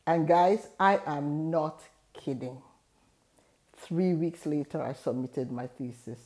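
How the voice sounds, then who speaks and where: Low-pitched and mellow, a middle-aged woman speaks slowly as the host of an advice video. Her motivational talk centers on a personal story told earnestly and encouragingly.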